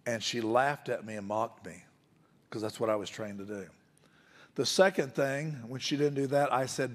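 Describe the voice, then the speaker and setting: A man's voice: mid-range voice, normal speed, in a large hall. A man preaching a sermon as a pastor, telling a story in a conversational way and building to firm emphasis.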